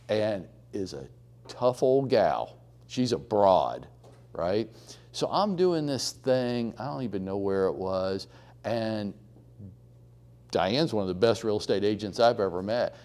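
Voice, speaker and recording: A man giving a blunt, animated real estate training talk to a live room, acting out quotes as he tells stories. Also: lowish voice.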